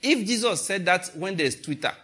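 At a moderate pace and in a high-pitched voice, a male preacher gives an animated sermon. He spins stories, laughs, and acts out the lines he quotes.

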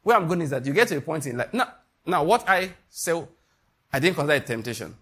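A man's voice: on the high side, big pitch swings, fast, a bit bright, slightly rough. A middle-aged Nigerian man preaching a sermon, emphatic, asking the listeners questions and acting out little scenes.

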